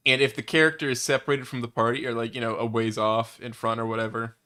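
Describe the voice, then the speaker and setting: A man's voice: mid-range voice, flat delivery, fast, pushed and bright. A young man chatting casually as a co-host, joking and self-deprecating. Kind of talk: casual chat.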